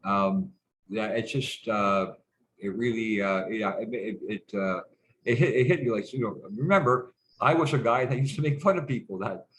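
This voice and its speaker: A man's voice: on the low side, normal speed, a little hiss or hum, poor audio. A middle-aged man telling stories as a guest in a casual conversation, rambling and hesitant, stopping and restarting, with frequent swearing. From Canada.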